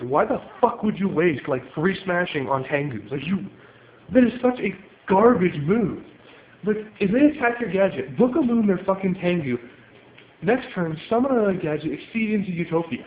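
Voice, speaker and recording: A man ranting angrily at home, pacing as he talks and swearing often. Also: high-pitched. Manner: heated, profane, paces while talking. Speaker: card game player venting on video. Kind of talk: angry ranting monologue. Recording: tinny phone-like audio with room echo and faint hiss.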